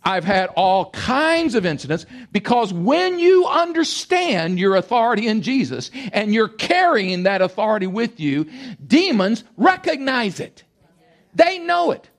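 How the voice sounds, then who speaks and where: An older male pastor in his sixties preaching with big swings in pitch, rising to loud emphatic bursts. His voice carries a gravelly fry, and he drops into quiet asides between points. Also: very animated, measured pace. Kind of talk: sermon.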